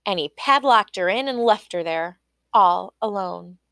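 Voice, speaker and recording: A woman reading a children's folk tale aloud in an expressive storytelling voice. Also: medium pitch, a little slow, vocal fry, no echo, clean studio sound. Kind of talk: storybook read-aloud narration.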